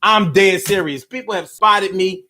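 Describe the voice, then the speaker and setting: A man chatting casually on a live stream, telling stories in an animated, slangy way, repeating his phrases and reading out viewer comments. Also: sits high, measured pace, over loud music.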